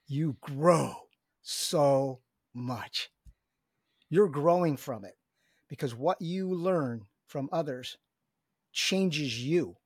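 An excited middle-aged coach talks in an emphatic, repeating way. His voice sits a bit high and sounds husky. The close recording is dry with no room sound. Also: very slow, pauses often, no room sound. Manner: enthusiastic, emphatic, repeats words. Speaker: guest, business coach. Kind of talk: energetic podcast conversation.

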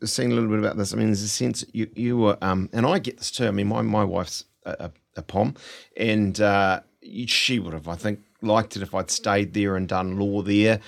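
A man's voice: fairly low pitch, fairly even intonation, normal speed, gravelly. A man with a West Auckland accent hosting a casual interview, chatty, with stammering restarts. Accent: New Zealand, West Auckland. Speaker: podcast host.

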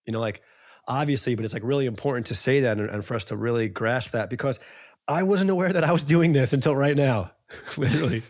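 A man's voice: medium pitch, quick pace, a little mellow, no room sound, studio quality. A man hosting a podcast, talking in an earnest, emphatic way and circling back over his points. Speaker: podcast host. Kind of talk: casual podcast conversation.

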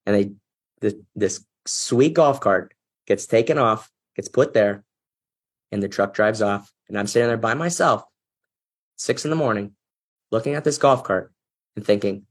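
This podcast guest, a business executive, recounts a heartfelt personal story in an earnest, reflective way that turns emotional at times. He has a lowish voice and speaks unhurriedly, leaving long pauses.

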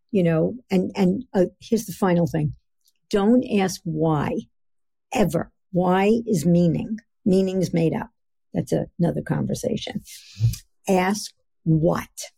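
A middle-aged woman speaking as an expert guest on a podcast interview, earnest and emphatic, slowing down to stress key phrases. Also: on the low side, creaky, dark tone, husky.

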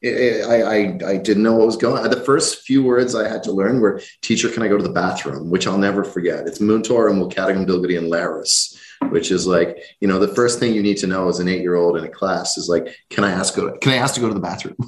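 Man with a faint irish accent, deep voice, lots of uhs, roomy echo. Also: quick pace, hardly any pauses. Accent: faint Irish, mostly American-sounding. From Ireland. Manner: friendly, many fillers and restarts. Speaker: guest, company chief executive. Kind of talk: casual interview chat.

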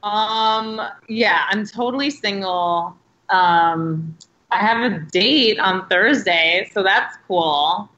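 A chatty woman in her late thirties tells her stories in a bright, forward voice, leaning on "like" at every turn. Her audio sounds roomy and a little muffled, as if it came over a remote link. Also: mid-range voice, slow. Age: late 30s. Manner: chatty storyteller, heavy use of "like". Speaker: podcast guest. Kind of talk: casual interview chat.

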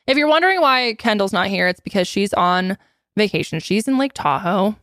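A woman's voice: mid-range voice, expressive, fairly quick, fairly bright tone, no echo, studio quality. A woman in her late twenties hosting a podcast in casual chat, playful and jokey with swearing. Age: 20s. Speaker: podcast host.

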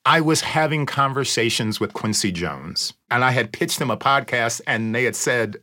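A man's voice: medium pitch, moderate pace. A man who is a podcast host and reporter, speaking as an interview guest and telling stories with expression. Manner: expressive, acts out quoted voices. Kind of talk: animated storytelling in conversation.

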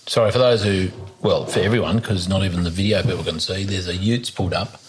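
A man's voice: low-pitched, fast. A man, hosting a casual conversation, who talks with enthusiasm, digresses and stumbles over words. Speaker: host.

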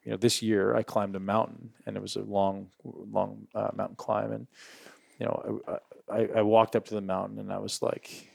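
A man's voice: lowish voice, little pitch movement, normal speed, gravelly, a little mellow, husky, no room sound, studio quality. A man hosting a podcast, talking enthusiastically in a coaching tone about mindset and breathing. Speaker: podcast host. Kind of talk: casual podcast interview.

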